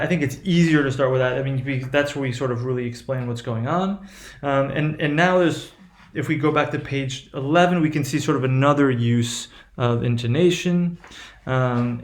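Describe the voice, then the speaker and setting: A man's voice: mid-range voice, moderate pace. Hesitant man lecturing in an echoey room. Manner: hesitant, many restarts and fillers, frequent "right?". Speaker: teacher. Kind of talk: lecture on English intonation.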